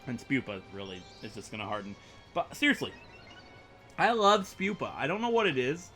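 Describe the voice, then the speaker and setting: A man's voice: mid-range voice, sing-song, normal speed, bright, forceful tone, soft background music. A young man rambling through let's play commentary, chatty and self-mocking as he plays. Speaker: gaming YouTuber.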